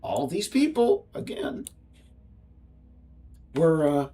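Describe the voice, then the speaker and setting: A man's voice: fairly high pitch, sing-song, takes it slowly, mellow. An American man, a game developer, rambling and ranting on a casual livestream, with frequent restarts.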